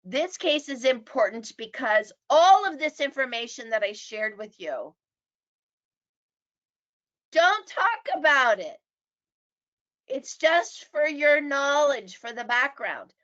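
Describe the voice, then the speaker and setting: A middle-aged woman teaching real estate agents, animated and acting out quoted people. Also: high voice, takes it slowly, long pauses. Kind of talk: presentation. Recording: dull lo-fi audio.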